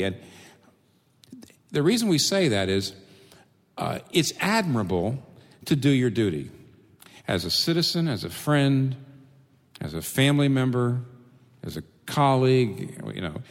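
Male preacher, sermon, rhetorical questions, lively pitch, long hall reverb. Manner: animated, rhetorical questions, repeats phrases.

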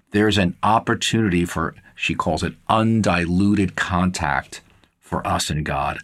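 Low-voiced man preaching earnestly. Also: a bit bright, breathy edge. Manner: earnest, measured, repeats words with filler uhs. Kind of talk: sermon-style Bible teaching.

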